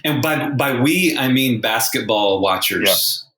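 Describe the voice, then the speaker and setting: A man's voice: mid-range voice, lively intonation, takes it slowly, sharp tone. A male sportswriter co-hosting a podcast, talking in a wry, rambling way with many restarts. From San Antonio, Texas. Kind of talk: casual sports discussion. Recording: roomy echo.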